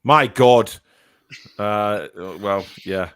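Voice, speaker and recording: A man's voice: on the low side, extremely slow, fairly bright tone, smooth, dry recording, clean studio sound. A man hosting a casual fan podcast live stream, chatting and reading out viewer messages with plenty of fillers.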